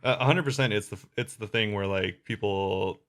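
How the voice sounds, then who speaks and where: A man's voice: fairly low pitch, brisk, a bit bright. A young man co-hosting a casual podcast, talking in a forward, direct, confident way with frequent restarts. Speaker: podcast co-host. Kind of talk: casual chat.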